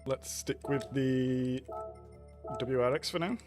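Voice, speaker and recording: A man's voice: medium pitch, slow, over music. A man casually commenting on a racing game live stream, chatting with viewers and greeting them by name.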